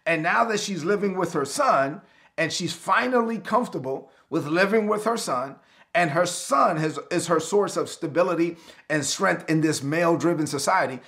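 High-pitched preacher with a gravelly edge. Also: male voice. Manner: lively, repetitive preaching cadence; speaks directly to congregation, asks for responses. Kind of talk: online sermon.

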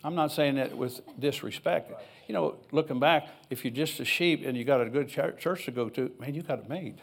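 A man's voice: mid-range voice, a little fast, creaky. An older man preaching a sermon in a church, reading scripture aloud and rambling into personal asides in an easygoing, conversational way. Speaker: pastor.

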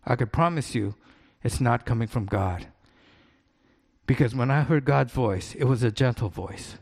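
A man's voice: mid-range voice, normal speed, gravelly, slightly rough. Earnest male pastor preaching. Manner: earnest, conversational preaching with repeated emphasis. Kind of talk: sermon.

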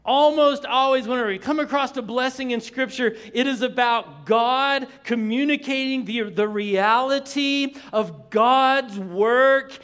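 A man preaching a sermon as pastor, slow and emphatic, drawing responses from the congregation with asides and chuckles. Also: very high voice, a bit bright, clean tone.

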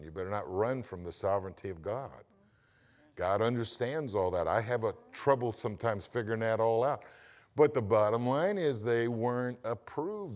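A man's voice: fairly low pitch, darkish tone. A man preaching a sermon as pastor, emphatic and asking the congregation questions as he goes.

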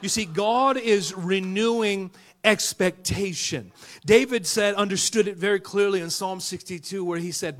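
A man preaching a sermon who tells a story with jokes and swings between loud shouts and hushed whispers. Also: high voice, normal speed. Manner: tells jokes and acts out characters in stories.

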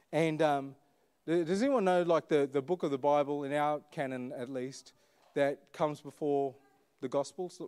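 A man delivers a relaxed, conversational sermon to his church. His voice sits a touch high yet sounds soft and mellow. He keeps it chatty, with many fillers, and puts questions to the congregation. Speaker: pastor. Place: church service.

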